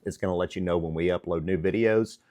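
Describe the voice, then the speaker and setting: A man hosting a barbecue cooking vlog outdoors in the snow, relaxed and enthusiastic, chuckling often and feeling the cold. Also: sits low, fast, dry recording. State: cold from the weather. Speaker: barbecue cooking channel host.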